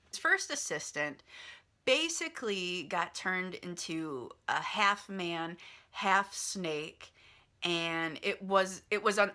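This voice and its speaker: A woman's voice: lowish voice, bright, forceful tone. A woman casually retelling a movie's plot in a chatty, filler-heavy way, like talking to friends. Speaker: vlogger reviewing a movie.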